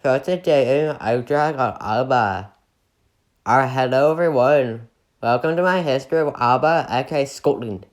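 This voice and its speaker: A man hosting a comedic history video, narrating with jokey, deadpan asides. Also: mid-range voice, measured pace. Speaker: video host.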